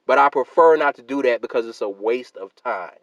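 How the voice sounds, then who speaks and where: A man's voice: mid-range voice, fairly quick, no echo, highs cut off. A man hosting his own channel, delivering a heated, argumentative rant to his viewers, repeating his points and addressing people as sister and fam. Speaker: YouTube channel host. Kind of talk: heated solo rant to camera.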